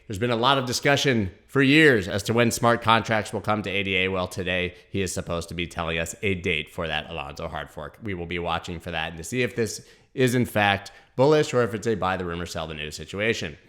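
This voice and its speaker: A man hosting a crypto news show, giving brisk, opinionated market commentary straight to his viewers. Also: low voice, a bit bright.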